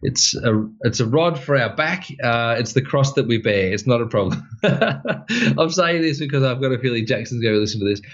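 Male podcast co-host, mid-pitched, rambling storyteller, dull slightly lo-fi audio. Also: moderate pace. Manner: rambling storyteller with fillers, animated re-enactments. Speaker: podcast co-host, wellness expert. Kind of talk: casual podcast chat.

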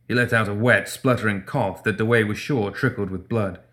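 Guy reading a story aloud, fairly low voice, steady and measured. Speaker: audiobook narrator. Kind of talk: scripted story narration.

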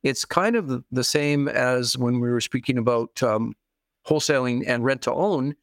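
A man's voice: medium pitch, normal speed, dry recording, studio quality. A man guest explaining investing strategies in an interview, repeating key phrases and acting out the people in his examples. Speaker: real estate investing guest expert.

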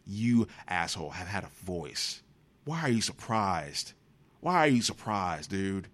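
Low-voiced guy hosting a podcast, swears a lot, sarcastic rants, voice jumps all over. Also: sing-song, unhurried, a bit bright. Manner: profane, ranting, sarcastic. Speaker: podcast host. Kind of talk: casual movie news commentary.

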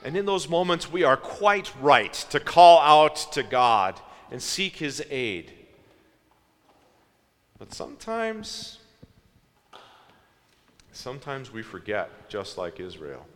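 A man preaching a sermon in a slow, reflective way, asking his listeners questions. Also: medium pitch, big pitch swings, in a large hall.

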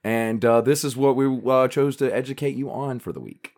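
A man's voice: mid-range voice, moderate pace, a little mellow. A man with a Southern US accent co-hosting a podcast in casual, rambling chat. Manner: chatty, rambling with restarts and laughs. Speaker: podcast co-host.

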